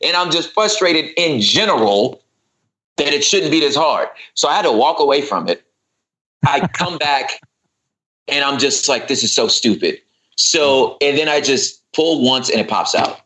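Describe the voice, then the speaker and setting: A man chatting on a podcast, his voice bright and forceful. He tells the story with energy, acting out his own exasperated inner voice. The talk is loose and conversational. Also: medium pitch, a little slow, poor audio. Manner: animated storyteller, acts out his own frustrated thoughts. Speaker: guest co-host. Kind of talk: casual podcast chat.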